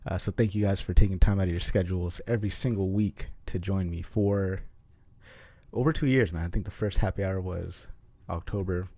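Chill guy hosting a hangout, lowish voice, mellow dark tone, dry sound. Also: fairly quick, dry recording. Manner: laid-back, says "man" a lot. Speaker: host. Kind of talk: casual group chat.

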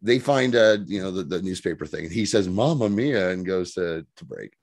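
A man's voice: deep voice, brisk, no room sound. A man co-hosting a podcast, retelling a TV episode casually with lots of swearing and acted-out lines. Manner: profane, animated storyteller who acts out scenes. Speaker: podcast co-host. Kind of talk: casual chat recapping a TV episode.

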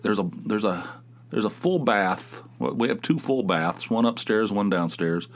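A middle-aged man hosting his podcast alone from a home studio, telling a rambling, self-mocking story in a sarcastic, casual way. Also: fairly low pitch. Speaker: podcast host. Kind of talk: casual monologue.

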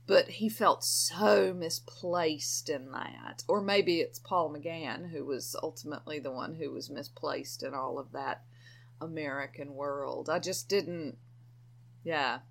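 Slow, wry woman. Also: low-pitched, creaky. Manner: blunt and wry. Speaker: podcast co-host. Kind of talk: casual chat.

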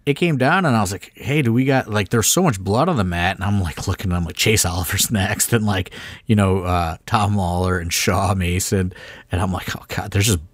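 A man with a deep, slightly fast voice, recorded without echo, co-hosts a podcast and works as a wrestling promoter. In casual chat he rambles through backstage stories, packing in fillers and some mild swearing.

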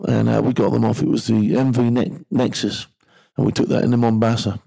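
Gravelly middle-aged man telling war stories. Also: medium pitch, mellow, low-quality recording. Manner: blunt, vivid storyteller who builds tension and swears casually. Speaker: former maritime security guard. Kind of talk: first-person storytelling.

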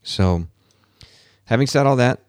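A man hosting a podcast from his home office, telling an animated story in a casual monologue and acting out the quotes. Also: medium pitch, a little slow, no room sound, studio quality. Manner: animated storytelling, acts out quotes, laughs at himself. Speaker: podcast host.

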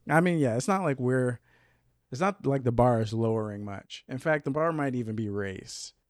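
A man's voice: medium pitch, animated, normal speed, dry recording, clean studio sound. A man co-hosting a podcast in casual, rambling chat. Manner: laid-back, rambling with fillers. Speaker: podcast co-host.

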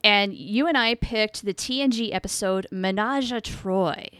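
A woman co-hosting a podcast in casual chat, upbeat and quick to laugh. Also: mid-range voice, fairly bright tone, smooth, no room sound. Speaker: podcast co-host.

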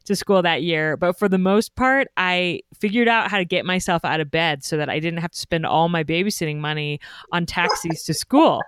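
A woman's voice: fairly low pitch, normal speed, fairly bright tone, smooth, no echo, clean studio sound. A woman hosting a casual podcast, telling a childhood story with frequent laughter. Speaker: podcast host.

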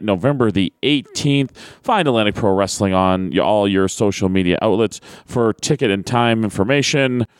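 A man's voice: mid-range voice, smooth, dry recording. A man co-hosting a wrestling podcast, joking, laughing often, sounding tired and sore. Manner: laughs often, jokey and dry. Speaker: podcast co-host and pro wrestler. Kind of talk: casual podcast chat.

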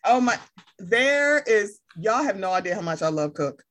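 A woman co-hosting a podcast in casual chat, playful and laughing, slipping into quick impressions of friends. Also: mid-range voice, expressive, a bit bright. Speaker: podcast co-host.

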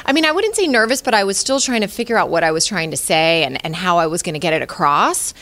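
A woman's voice: on the low side, animated, fast talker, fairly bright tone. A woman hosting a podcast, narrating between segments and asking her guest curious questions. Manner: conversational, inquisitive. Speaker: podcast host.

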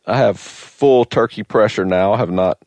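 A man's voice: fairly low pitch, moderate pace, a little mellow, no room sound. A man, a podcast guest, chatting in a hesitant, laid-back way with lots of fillers. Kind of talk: casual chat.

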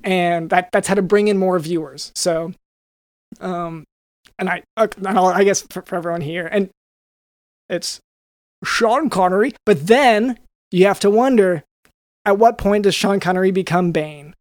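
A podcast co-host with a high male voice goes through an ad at a moderate pace, improvising it as a jokey, rambling bit with lots of restarts. The audio is studio quality with no room sound.

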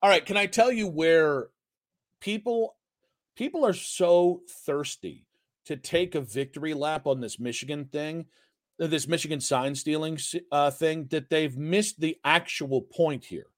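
A man's voice: fairly high pitch, unhurried. A man co-hosting a sports podcast, blunt and sarcastic, swearing freely in casual debate.

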